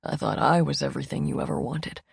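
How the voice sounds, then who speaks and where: A woman voicing a brusque young man, a cranky boyfriend, in an audiobook with a low, quiet, clipped delivery. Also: fairly even intonation, fast, creaky, breathy edge, no room sound, studio quality, full character voice. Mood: dismissive. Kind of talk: audiobook character voice.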